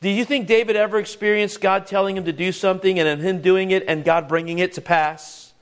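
An earnest male preacher with a slightly higher voice than most men. He often stumbles over and repeats words, and he keeps putting questions to his listeners as he works through scripture. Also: steady tone, a little fast, smooth. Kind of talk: sermon.

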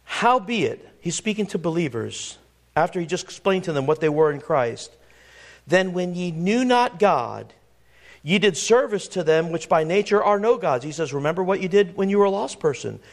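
A man's voice: sits high, animated, normal speed. A middle-aged man preaching a sermon, quoting scripture and firing rhetorical questions at his congregation.

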